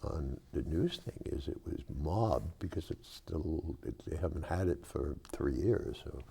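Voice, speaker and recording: Gravelly older Boston man, rambling. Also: a bass voice, a little slow. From South Boston, Massachusetts. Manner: rambling, animated storyteller with many fillers. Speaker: local cable show host. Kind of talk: casual chat.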